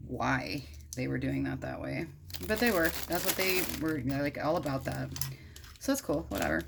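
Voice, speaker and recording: A woman's voice: low-pitched, vocal fry, a little hiss or hum. A woman casually retelling a story while crafting at home, irreverent and slangy, swearing freely and wandering into asides.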